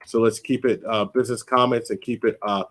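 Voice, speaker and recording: A man's voice: mid-range voice, fairly even intonation, brisk, a bit bright. A man hosting a casual live podcast stream, easygoing and prone to repeating himself as he runs the show. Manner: easygoing, repeats phrases, laughs often. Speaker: podcast host.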